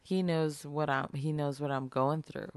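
A woman's voice: deep voice, steady tone, unhurried, darkish tone, clear, resonant tone, no room sound. A woman guest playing along with a spooky hypothetical, earnest and easily spooked. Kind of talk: casual improvised chat.

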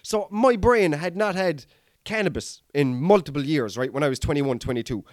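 A man's voice: on the high side, moderate pace, no echo, clean studio sound. An Irish man who hosts a comedy podcast, telling a rambling, sweary story and calling his listeners lads. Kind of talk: casual storytelling monologue.

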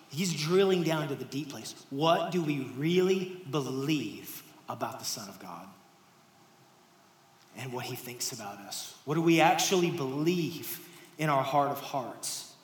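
A man preaching a sermon to a congregation, talking to them directly and dropping to hushed near-whispers before raising his voice for emphasis. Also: medium pitch, unhurried. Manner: shifts between hushed near-whispers and raised emphatic lines; conversational, addresses the congregation directly. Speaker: pastor. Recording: roomy hall sound with faint ambience.

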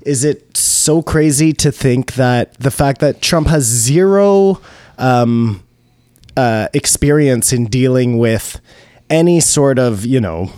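A man's voice: mid-range voice, takes it slowly, a little mellow, no echo. Man in a dry-sounding podcast chat. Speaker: podcast co-host. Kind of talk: casual chat.

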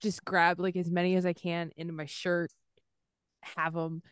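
A woman's voice: fairly low pitch, flat delivery, moderate pace, smooth, dry recording, clean studio sound. A young woman playing a tabletop game who rambles with lots of fillers. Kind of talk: casual tabletop play.

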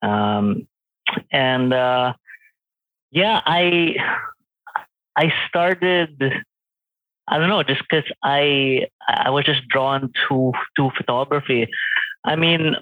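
Speaking very slowly with frequent pauses, a late-twenties photographer guest talks casually in an interview, full of fillers and restarts. His voice is mid-range, with no echo, coming over a tinny, phone-like line.

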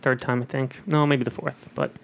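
A man's voice: medium pitch, normal speed. A man chatting casually with friends, joking and telling stories. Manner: joking, animated storyteller. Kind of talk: casual chat among friends.

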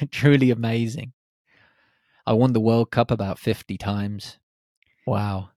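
A man hosting a reflective solo podcast, speaking in short, unhurried phrases. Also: fairly low pitch, steady tone, darkish tone, dry recording, clean studio sound. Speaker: podcast host.

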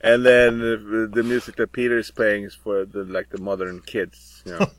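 A man's voice: fairly low pitch, flat delivery, normal speed, poor audio. A middle-aged man, a podcast guest, telling stories in a rambling, hesitant way with many fillers. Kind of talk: casual chat.

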